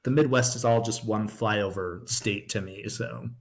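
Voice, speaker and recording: A man's voice: on the low side, steady tone, measured pace, gravelly. A man hosting a podcast, talking in casual chat with a wry, teasing manner. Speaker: podcast host.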